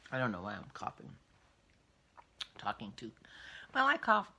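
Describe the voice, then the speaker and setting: A woman's voice: rumbling low, huge pitch swings, normal speed, vocal fry, sharp tone, slightly rough. An older woman hosting a casual vlog, chatting in a rambling way as she thinks aloud. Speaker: podcast host.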